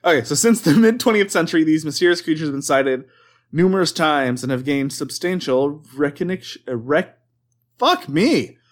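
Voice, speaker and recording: A podcast host reads cryptid lore off a list in a casual show, his voice on the high side and a little fast. He stumbles often, laughs a lot, and swears while laughing at his own mistakes.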